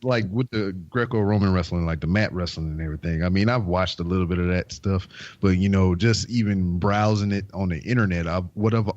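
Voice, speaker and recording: A man's voice: low voice, brisk, darkish tone. A man guesting on a podcast, talking in a laid-back drawl with lots of fillers. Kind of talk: casual chat. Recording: dull lo-fi mic.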